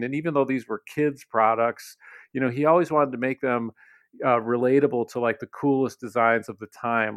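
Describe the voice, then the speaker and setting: Man, gravelly voice, dry close sound, relaxed storyteller, fillers and restarts. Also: mid-range voice, dry recording. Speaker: interview guest, company leader. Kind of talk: conversational storytelling.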